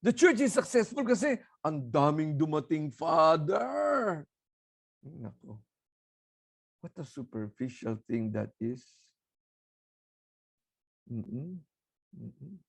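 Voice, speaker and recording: Filipino priest preaching with soft hums. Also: male voice, fairly high pitch, very animated, slow pace, creaky, pauses often, husky, no echo. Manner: mixes Tagalog into English, conversational with soft hums. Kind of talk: sermon.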